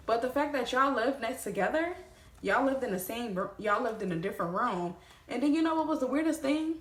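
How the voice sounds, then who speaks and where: A woman telling a storytime vlog, animated and swearing freely, talking straight to her viewers. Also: medium pitch, reverberant. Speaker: vlogger.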